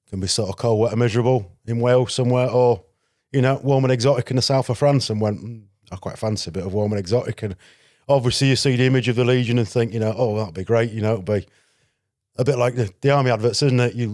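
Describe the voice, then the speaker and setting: Yorkshire man, podcast guest, quick anecdotal storyteller, dry close sound. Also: mid-range voice, fairly even intonation, a little mellow, dry recording. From North Yorkshire, England. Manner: chatty, anecdotal, acts out quoted exchanges. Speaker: guest, former legionnaire. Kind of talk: casual storytelling interview.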